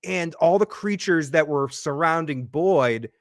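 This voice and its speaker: A man co-hosting a TV episode recap, talking excitedly and acting out the characters' lines. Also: a little high, measured pace, dry recording, studio quality. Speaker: podcast co-host.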